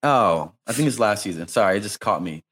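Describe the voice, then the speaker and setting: A man co-hosting a casual chat, talking in an animated way and saying "like" often. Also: on the low side, brisk, slightly rough. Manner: animated, chatty, heavy use of "like". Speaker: podcast co-host.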